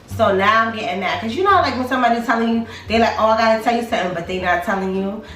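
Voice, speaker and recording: A young storytime vlogger with a fairly high voice talks fast, casually retelling her friends' conversations in an animated, chatty way, full of quoted dialogue and fillers. She sounds distant and a bit off-mic in an echoey room, with faint music.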